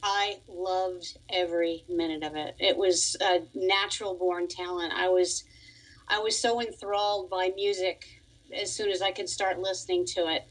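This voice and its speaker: A woman's voice: lowish voice, fairly even intonation, normal speed, rough recording. A woman in her forties from Long Island chats easily as a guest on a radio interview. She is a musician and piano teacher who laughs often while telling her story. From Long Island, New York.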